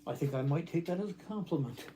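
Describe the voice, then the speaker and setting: A woman's voice: sits low, lively intonation, quick pace, background noise. A woman joining a live stream, trading playful, teasing quips with the host. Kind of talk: casual banter.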